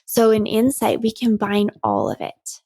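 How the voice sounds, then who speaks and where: A woman in her thirties hosts a solo podcast, speaking earnestly and with animation, often breaking into a laugh. Her voice has a gravelly fry at the ends of phrases. The recording is dry and close to the mic, with no room sound. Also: medium pitch, very animated, unhurried, mellow, no echo. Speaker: podcast host and coach. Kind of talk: reflective solo podcast talk.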